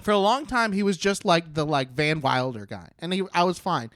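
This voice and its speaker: A man's voice: on the high side, lively intonation, normal speed, a bit bright, no echo, clean studio sound. A man co-hosting a podcast, chatting casually in a loose, profane, rambling way. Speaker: podcast co-host. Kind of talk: casual chat.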